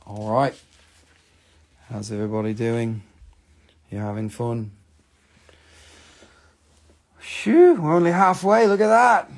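A man hosts a live crystal sale, his voice gravelly with fry and pitched a touch high. He talks in loose, joking sales patter and swears freely as he chats along. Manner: chatty, profane and joking. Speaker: host selling crystals on a live stream.

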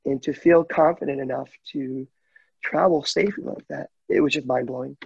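Heartfelt man, husky and gravelly, dry dull lo-fi call sound, higher voice. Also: steady tone, normal speed, no echo. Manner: heartfelt, candid, chokes up at times. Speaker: guide dog client telling his story. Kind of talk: emotional interview storytelling.

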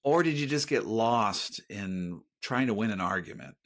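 A man's voice: lowish voice, lively intonation, moderate pace, a bit bright. A middle-aged man speaking as a guest author in a podcast interview, earnest and reflective as he talks about faith.

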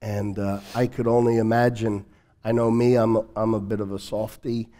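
Brief: male pastor host, lowish mellow voice, conversational interviewer. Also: little pitch movement, moderate pace. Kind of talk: church talk-show interview.

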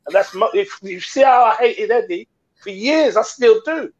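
A man's voice: high-pitched, expressive, moderate pace, dull audio. A man co-hosting a casual chat and telling a comic story. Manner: storytelling, does silly voices. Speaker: co-host.

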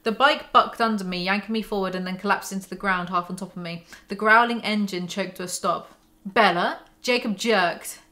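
A woman's voice: medium pitch, fairly even intonation, brisk, hardly any pauses, pushed and bright. A woman hosting a book breakdown, reading passages aloud and adding sarcastic, mocking asides. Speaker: book commentary host.

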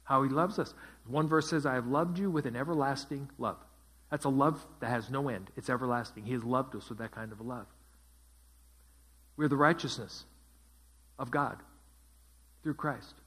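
A man's voice: mid-range voice, normal speed, long pauses, fairly bright tone, breathy edge. A man teaching a Bible study as pastor, asking his group questions and repeating their answers. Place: church.

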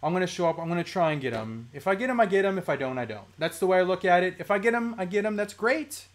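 A live-stream host talking casually about toy collecting at a home desk mic, chatty, mildly profane and quick to laugh. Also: medium pitch, lively intonation. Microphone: desk microphone.

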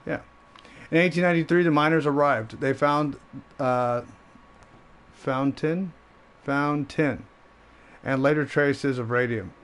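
A man's voice: a little high, steady tone, fairly bright tone, smooth. A man casually playing a video game, reading in-game notes aloud and now and then tripping over words. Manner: reads aloud haltingly, stumbling on words and laughing at himself. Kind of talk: casual let's-play commentary.

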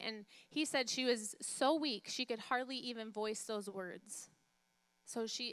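A woman pastor preaching a sermon, emphatic, repeating phrases and asking the congregation questions, dropping to a soft hush when she retells a story. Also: fairly high pitch, normal speed, clear, resonant tone.

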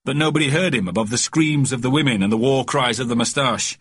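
A man narrating a children's storybook audiobook with a lively, expressive reading. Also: medium pitch, quick pace, a little hiss or hum.

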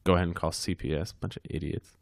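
A man's voice: deep voice, steady tone, fast talker, gravelly, no echo, clean studio sound. A man co-hosting a casual podcast, telling a heated story with lots of swearing. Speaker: podcast co-host.

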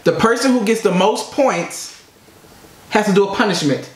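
A man's voice: high voice, normal speed. A young man hosting a casual family reaction video, joking and teasing while he keeps score. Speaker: host. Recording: echoey room with loud noise.

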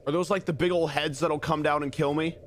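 A man's voice: on the high side, fairly even intonation, fairly quick, a little hiss or hum. A man streaming, reading a passage aloud and musing on it with questions to himself. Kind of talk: reading text aloud and reacting.

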